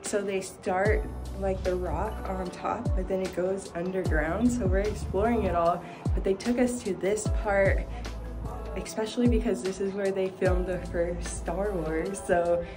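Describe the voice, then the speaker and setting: A woman's voice: mid-range voice, steady tone, a little slow. A young woman talking casually to the camera as a travel vlogger, gushing and chatty with lots of "like". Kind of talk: casual vlog chat to camera. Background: music.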